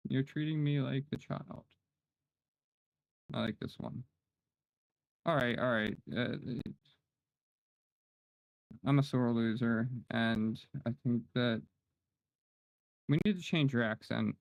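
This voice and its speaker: A man streaming games chats casually, teasing and bossing around an AI assistant and complaining when it falls short. His mid-range voice is gravelly and a little slow, with frequent pauses. The recording is low quality but has no echo.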